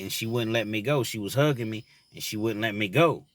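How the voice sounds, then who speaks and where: A man's voice: on the low side, unhurried, fairly bright tone, no echo. A man telling a personal story about his time in prison, earnest and reflective, full of "you know" fillers, then turning to advice for young men.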